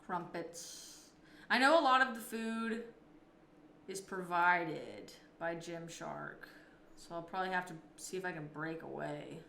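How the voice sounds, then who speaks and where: A woman streams live and chats easily with her viewers, answering their messages as they come in. Her voice is bright and forward, and it bounces around an echoey room with a light hiss of background noise. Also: fairly low pitch, unhurried, gravelly. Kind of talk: casual live-stream chat.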